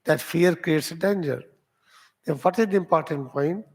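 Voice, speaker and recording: A man with an Indian accent, a meditation teacher whose first language is Hindi, teaching at an ashram in slow, deliberate, simple English. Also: a little high, gravelly, slightly rough. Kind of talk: spiritual teaching talk.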